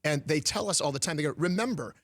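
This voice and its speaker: A lively man in his forties with a Midwestern Detroit accent, talking as an interview guest. His voice sits a bit high for a man, and he tells animated stories full of quick impressions. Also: no echo. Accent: Midwestern American (Detroit). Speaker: actor and comedian guest.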